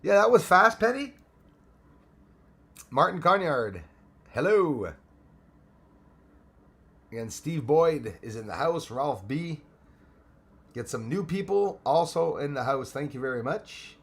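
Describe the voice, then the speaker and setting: A man's voice: a little high, very animated, takes it slowly, creaky, long pauses, a bit bright, breathy edge. Casual Canadian man greeting live viewers. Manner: greets viewers by name, switches into French. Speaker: live-stream host. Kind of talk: casual live-stream chat.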